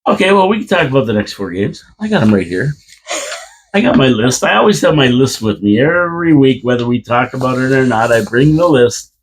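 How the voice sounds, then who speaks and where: A man's voice: medium pitch, expressive, brisk, a little hiss or hum. A man co-hosting a casual hockey chat from a radio studio, making emphatic, confident predictions. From Canada. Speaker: podcast co-host.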